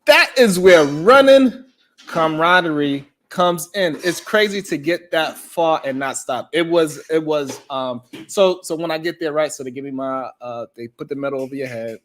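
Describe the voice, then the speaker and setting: Animated, profane male show host. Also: a little high, moderate pace, a little hiss or hum. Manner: animated, swearing freely, loud bursts. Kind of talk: casual storytelling chat.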